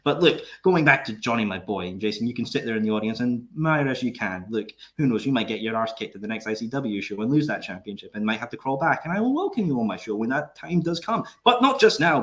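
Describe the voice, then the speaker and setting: A man's voice: medium pitch, very animated, quick pace, a bit bright. A man with a Scottish accent hosting a podcast, easygoing and joking, with casual swearing. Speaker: podcast host.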